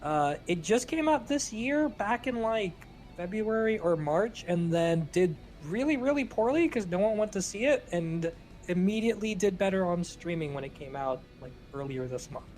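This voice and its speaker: A man's voice: high voice, lively intonation, moderate pace, darkish tone, soft background music. A man with a New Jersey accent co-hosting a podcast in casual chat, joking and swearing freely. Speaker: podcast co-host.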